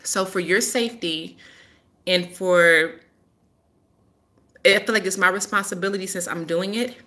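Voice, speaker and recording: A woman talking straight to her viewers in a casual live stream, emphatic and insistent, circling back to the same point. Her voice sits a little low but comes across bright and forceful. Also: a little slow. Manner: emphatic, repeats her warnings. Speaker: healer hosting a live stream.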